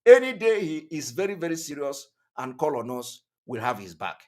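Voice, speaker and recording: A man hosting an online channel, delivering emphatic, repetitive political commentary that rises to loud outbursts. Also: a little high, sing-song, moderate pace. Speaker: online TV host.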